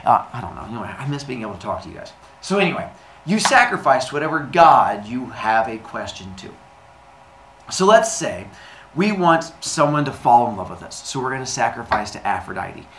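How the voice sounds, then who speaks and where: A man's voice: mid-range voice, big pitch swings, a little fast. A male teacher giving a recorded lesson, chatty and casual, saying "like" a lot and acting out little scenes. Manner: chatty, says "like" often, acts out little scenes. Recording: echoey room, faint noise.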